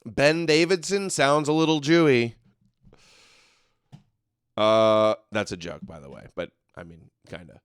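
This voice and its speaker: A man's voice: medium pitch, clean tone, no echo, clean studio sound. Sarcastic male livestream host. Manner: sarcastic, mocking, laughs often. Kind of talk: livestream commentary reading donations.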